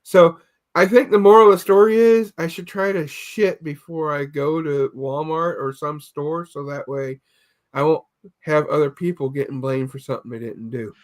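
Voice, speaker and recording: A man's voice: fairly high pitch, fairly even intonation, moderate pace. A man on a casual streamed podcast chat, telling rambling comic stories and stumbling over repeated words. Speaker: podcast co-host.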